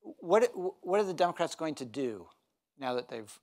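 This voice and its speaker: Male moderator, higher pitch, brisk and directing. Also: very animated, a little mellow. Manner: brisk questions and short acknowledgments. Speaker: moderator professor. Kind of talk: moderating a panel.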